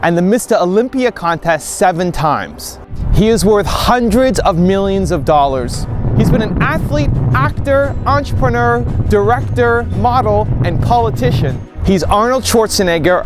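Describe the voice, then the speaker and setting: Male narrator, scripted intro, high voice, punchy listing, narration over loud music. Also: animated, moderate pace.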